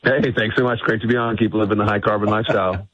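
A man's voice: lowish voice, fairly even intonation, quick pace, fairly bright tone, husky, no room sound. A man being interviewed as a guest on a radio show, arguing his policy points assertively. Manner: assertive, advocacy talking points. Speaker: energy think-tank CEO guest. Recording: tinny phone line.

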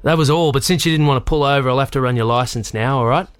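A man's voice: medium pitch, fast talker, smooth, no room sound, close to an everyday voice. A man voicing a friendly rural male police constable. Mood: jovial. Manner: easygoing, joking country drawl.

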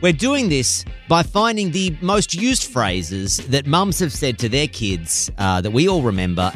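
Playful radio host, lively pitch. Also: male voice. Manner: jokey, playful, hums and sings lines. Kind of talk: lively breakfast-radio banter.

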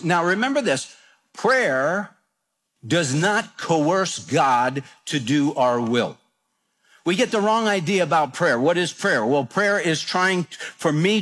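A man with a slightly high, fairly bright voice preaches a radio sermon full of folksy stories. He repeats his points and phrases, often restarting as he goes.

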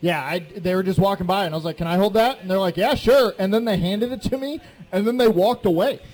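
A man's voice: high-pitched, fast talker, darkish tone. A man, a former college football player, telling rambling self-deprecating stories as a guest on a sports radio show. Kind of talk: casual sports radio banter. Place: live remote broadcast at a venue, in the heat.

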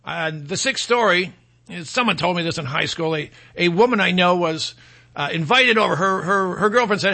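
A man's voice: high voice, expressive, moderate pace, sharp tone. A man hosting a talk show, delivering a combative opinion monologue in a mocking tone and mimicking his opponents in quoted voices. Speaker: radio talk show host.

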